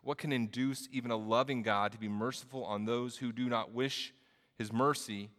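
A man's voice: medium pitch, fairly even intonation, moderate pace, fairly bright tone, long reverb tail. A man preaching a sermon, telling a story and then building to emphatic preaching. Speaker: pastor.

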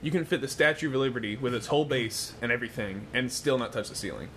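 A young man chatting casually and spinning an animated story. He jumps into loud, laughing exclamations. A faint rumble runs underneath. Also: fast talker. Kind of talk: casual chat.

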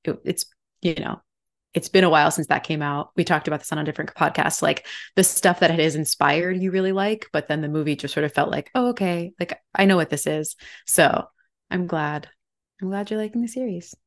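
Chatty upbeat woman, low voice. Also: a little fast. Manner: chatty, upbeat, laughs often. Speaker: podcast co-host. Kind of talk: casual chat.

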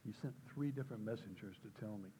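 An older man giving a personal testimony talk at church, telling a story and acting out quoted voices with sudden jumps in pitch. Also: fast talker, warm tone, slight background noise, low-quality recording. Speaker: church speaker.

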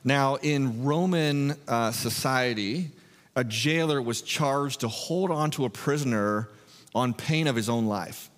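A man preaching a sermon, retelling a story in a conversational, animated way with filler words. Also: mid-range voice, slow, long reverb tail. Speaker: pastor. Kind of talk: expository sermon.

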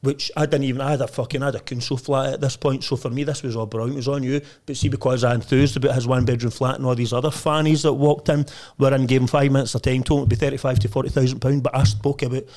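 A Lanarkshire man in his thirties talks at a brisk clip with a middle-pitched voice. He tells his stories in a blunt, boastful way and peppers nearly every sentence with swearing. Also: steady tone, a little mellow. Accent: Scottish, Lanarkshire. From Lanarkshire, Scotland. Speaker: estate agent, podcast guest. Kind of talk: casual storytelling chat.

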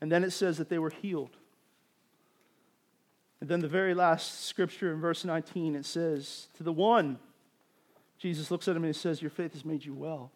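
A man preaching a sermon, building to emphatic bursts and dropping to quieter explanation. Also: on the high side, fairly even intonation, moderate pace, pauses often. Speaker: pastor.

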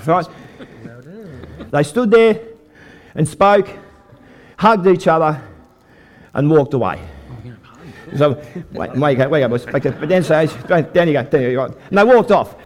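A man's voice: fairly high pitch, unhurried, long pauses. An older Australian man telling a folksy faith story as a preacher to a live church audience. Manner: folksy storytelling, lively with the crowd. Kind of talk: testimony sermon.

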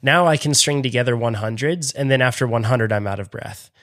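Speaking briskly in a medium-pitched, fairly bright voice, this podcast co-host keeps the chat casual. His talk is loose, packed with fillers, and broken up by frequent laughs.

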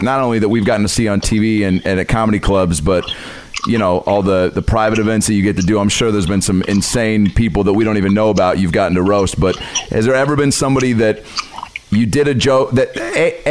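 A man's voice: lowish voice, slight background noise. A man co-hosting a comedy podcast in casual chat, rambling and restarting his questions. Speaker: podcast co-host.

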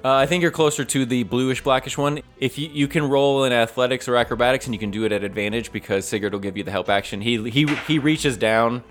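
A man narrating as game master of a tabletop game, relaxed and laughing often. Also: mid-range voice, quick pace, hardly any pauses, soft background music.

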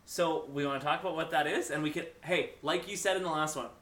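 A man co-hosting a podcast, chatting casually and reacting in an animated way. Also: on the high side, fast talker, a little hiss or hum. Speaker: podcast co-host. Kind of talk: casual chat about a video game. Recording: echoey room.

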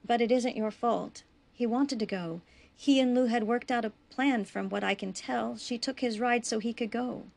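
A woman voicing a kind, grieving frontier woman, soft and consoling, in a storybook reading. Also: fairly high pitch, normal speed, vocal fry, voice pushed up.

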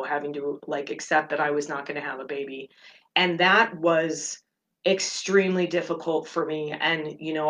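A middle-aged woman hosting a meditation podcast, speaking gently and candidly about personal grief, near tears at moments. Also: low-pitched. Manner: gentle, candid, openly emotional. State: tearful at moments. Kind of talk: personal reflective talk.

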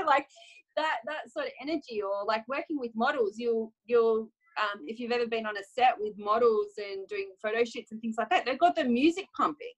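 A young adult woman photographer talking casually, lively and often acting out quoted self-talk with laughs. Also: on the high side, normal speed, lo-fi sound. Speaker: photographer guest. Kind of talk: casual conversational chat.

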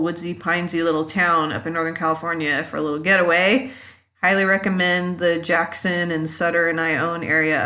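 Woman podcast host, low-ish register, chatty storyteller who acts out quotes. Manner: chatty, warm-hearted, acts out quotes with big pitch jumps. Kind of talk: personal storytelling monologue.

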